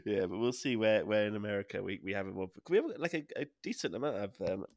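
A man co-hosting a casual podcast, animated and pun-loving, often laughing as he talks. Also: on the low side, quick pace, no echo, studio quality. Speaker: podcast co-host. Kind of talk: casual chat.

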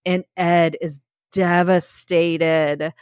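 A woman's voice: fairly low pitch, flat delivery, drawn-out words, clean tone, no room sound, studio quality. A woman in casual chat, retelling a show's plot with emotion and addressing listeners as "y'all". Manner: emotional storytelling, says "y'all", tears up. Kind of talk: casual chat recapping a show.

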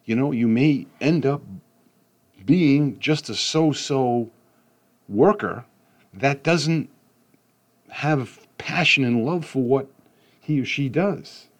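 A middle-aged man giving a casual motivational talk, rambling through stories with frequent asides and slowing down to stress his points. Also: mid-range voice. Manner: rambling, with frequent "you know what I mean" asides.

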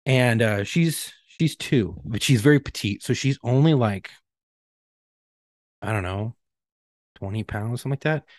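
A man's voice: mid-range voice, unhurried, pauses often, a little mellow, no room sound. A man in his thirties, co-hosting a casual podcast, telling blunt, profane stories about his pain and his doctors. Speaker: podcast co-host. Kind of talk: casual chat.

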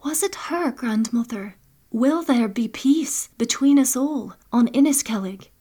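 A woman voicing a sensitive young girl, soft and pleading, in a storybook. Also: on the high side, lively intonation, unhurried, voice pushed up.

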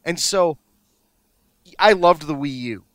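Excitable young man, dry close mic. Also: a little high, takes it slowly, dry recording. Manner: excitable, frequent restarts and swearing. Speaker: podcast co-host. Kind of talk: casual chat.

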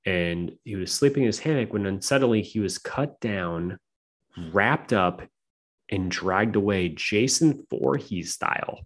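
A man co-hosting a podcast, telling a story in casual chat with an animated, profane, rambling manner. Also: lowish voice, measured pace.

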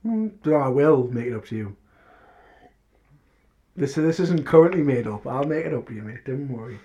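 A man's voice: mid-range voice, lively intonation, normal speed, dark tone. A man co-hosting a podcast in casual chat, defending himself, interrupting and laughing. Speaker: podcast co-host.

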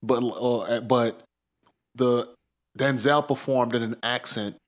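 A man in loose conversation, talking around his point with plenty of restarts and swearing. He laughs easily and keeps the tone relaxed and offhand. His pitch sits in an ordinary middle range. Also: slow pace. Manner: rambling, profane, laughs often. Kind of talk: casual chat.

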